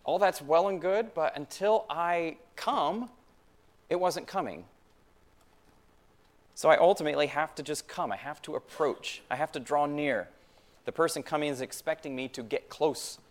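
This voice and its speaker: A man's voice: a little high, normal speed. A man preaching a sermon in a church, talking conversationally, asking the congregation rhetorical questions and repeating phrases for emphasis. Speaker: pastor.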